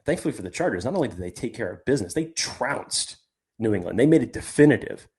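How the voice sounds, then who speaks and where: Man, sports podcast co-host, rambling, mid-pitched voice, casual chat. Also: expressive, fast talker, a little mellow. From California. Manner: rambling, self-interrupting.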